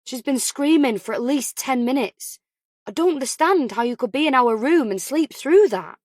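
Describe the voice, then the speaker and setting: A man's voice: very high voice, animated, moderate pace, no echo, pitched above the performer's own voice. A woman whispers the part of an anxious young husband calling home, pressing but holding back his alarm. The whispered role-play sounds close and dry, with no room around it. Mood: insistent. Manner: urgent but trying to stay gentle.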